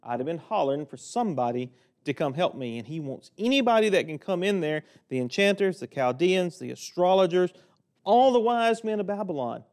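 A male preacher with a drawl, his voice sitting a little high for a man. He preaches in a folksy, joking way, jumping between loud bursts and quiet asides. He speaks from a lectern in a church sanctuary. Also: lively intonation, fairly quick, clean tone. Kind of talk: sermon.

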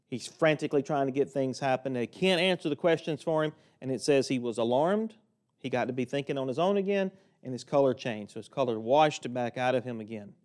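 A man preaching a sermon from a lectern in a church, folksy and joking, swinging between loud stretches and quiet ones. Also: medium pitch. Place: church sanctuary, speaking at a lectern.

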